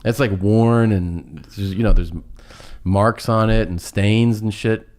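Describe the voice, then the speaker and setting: A middle-aged man telling a long, funny personal story on a podcast. He laughs through it and pauses often. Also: on the low side, a little mellow. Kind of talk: casual storytelling chat.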